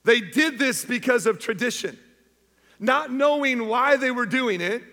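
Male pastor, sermon, high voice, lively and chatty, long church reverb. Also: a little slow. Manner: energetic, conversational, calls to the audience. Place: church auditorium.

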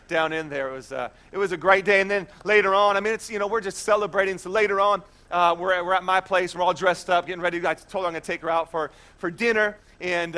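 A man in his thirties preaching a sermon, telling a personal story in a chatty, animated way with many restarts. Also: high-pitched. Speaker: pastor.

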